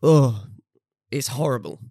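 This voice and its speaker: A man's voice: medium pitch, takes it slowly, warm tone, breathy edge, dry recording. Chatty man, dry close sound. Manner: chatty, laughs often, talks through film opinions. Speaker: podcast co-host. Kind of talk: casual chat.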